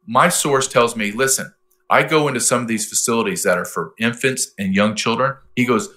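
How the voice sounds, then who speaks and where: A man being interviewed who tells his stories in an animated, emphatic way. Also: mid-range voice, a little fast. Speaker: interview guest. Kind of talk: interview talk.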